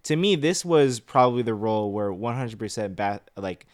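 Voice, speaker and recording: Brief: young male co-host, lower voice, loose and rambling in movie chat. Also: animated, moderate pace. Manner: rambling with many "like" fillers and restarts. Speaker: co-host of a movie review show. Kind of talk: casual movie discussion.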